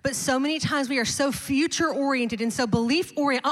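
A middle-aged woman pastor preaching a sermon, telling a personal story in an animated, emphatic way with repeated refrains. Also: high voice, a little fast. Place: large church auditorium. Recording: long hall reverb.

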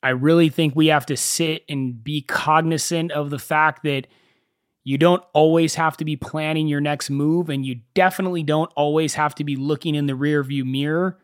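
A young man hosting a casual solo podcast, telling stories in an animated way and swearing freely. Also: on the high side, normal speed, no echo, studio quality. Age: young adult. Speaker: podcast host.

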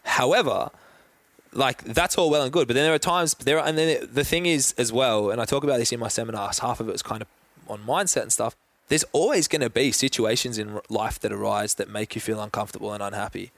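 A man's voice: medium pitch, quick pace, fairly bright tone, dry recording. A young Australian man chatting casually as a podcast guest, laid-back, swearing freely and talking in long run-on thoughts. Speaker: guest athlete.

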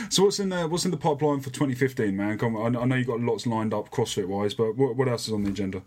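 A man hosting a casual fitness podcast, chatty and quick to laugh, often restarting his sentences. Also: medium pitch, a little mellow, a little hiss or hum. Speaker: podcast host.

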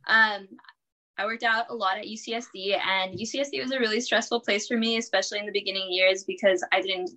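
Bright-voiced upbeat young woman chatting. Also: mid-range voice, fairly even intonation, quick pace, poor audio. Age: 20s. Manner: upbeat, chatty, laughs often, many fillers like "like" and "um". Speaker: podcast guest, college student and personal trainer. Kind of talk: casual interview chat.

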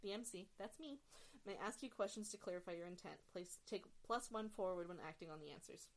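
A woman's voice: mid-range voice, a little fast. A woman narrating as game master of a tabletop game, rambling and full of fillers as she explains the rules.

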